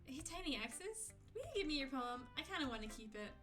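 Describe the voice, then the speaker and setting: A woman's voice: high voice, sing-song, fairly quick, music in the background. A woman putting on a squealing, bubbly schoolgirl. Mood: excitable. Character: bubbly cheerful teenage schoolgirl, clingy. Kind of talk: voicing a visual novel character on stream.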